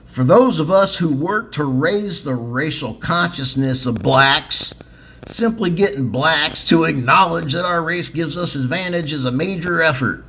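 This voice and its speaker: A man's voice: a little high, unhurried, pushed and bright, breathy edge, pitched above the performer's own voice, heavily acted, poor audio. A man doing a put-on southern drawl. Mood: mock-earnest. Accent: put-on American Southern.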